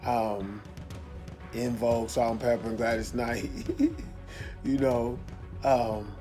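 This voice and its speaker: A man of middle pitch talking through a movie review in a loose, rambling way. He circles back to the same points and restarts his sentences often. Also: flat delivery, takes it slowly, dark tone, soft background music. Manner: rambling, repeats himself, restarts a lot. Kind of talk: casual video review.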